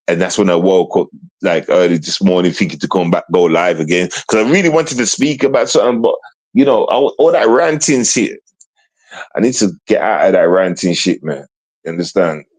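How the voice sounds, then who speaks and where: A man's voice: sits low, darkish tone. A middle-aged man, ranting on a live stream in a rambling, heavily swearing way. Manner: rambling and heavy-swearing, full of repeated fillers. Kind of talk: casual live-stream rant.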